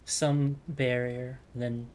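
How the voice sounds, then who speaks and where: A man running a tabletop game as game master, describing scenes slowly and in detail. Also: medium pitch, little pitch movement, a little mellow, slight background noise. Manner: slow, descriptive scene-setting.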